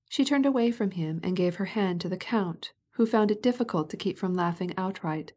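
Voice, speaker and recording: A woman narrating a classic novel as an audiobook, in a calm, measured, even manner. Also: medium pitch.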